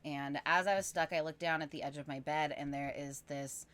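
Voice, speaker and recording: A woman guest on a podcast, telling a long personal story casually, animated and rambling with lots of fillers. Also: low-pitched, normal speed.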